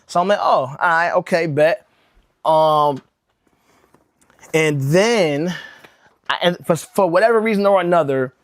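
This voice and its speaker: Young streamer guy, slightly high voice, loose slangy storytelling, lots of bro, for a casual vlog read. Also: dry recording, clean studio sound. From Connecticut, USA. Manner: slangy and rambling, says bro a lot, restarts often. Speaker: rug-making livestreamer.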